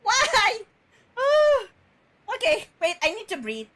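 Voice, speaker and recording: A woman streamer giving live gameplay commentary, excitable, laughing and swearing as she plays. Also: very high voice, takes it slowly.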